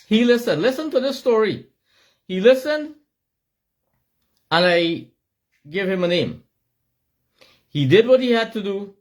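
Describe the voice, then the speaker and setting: A middle-aged Guyanese man with a Guyanese accent, giving an impassioned, shouting monologue with emphatic repetition. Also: high voice, lively intonation, unhurried, pauses often.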